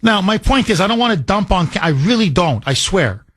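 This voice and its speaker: Heated, husky-voiced male talk radio host. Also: high-pitched, sing-song, brisk, fairly bright tone. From Canada. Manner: emotional, heated, preachy.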